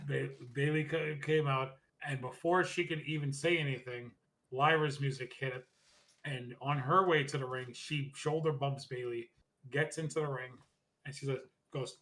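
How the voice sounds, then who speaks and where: Podcast co-host, male, bright forceful voice, rambling casual wrestling recap. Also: mid-range voice, fairly even intonation. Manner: rambling recap, quick asides, mock-quotes wrestlers.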